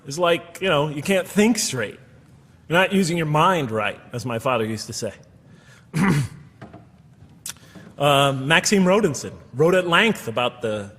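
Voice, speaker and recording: A middle-aged man speaks to a live audience in an earnest lecturing manner, quoting and counting references as he goes. His voice sits a little high and sounds husky. The sound carries a long reverb from the hall. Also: fairly bright tone. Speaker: speaker giving a public talk.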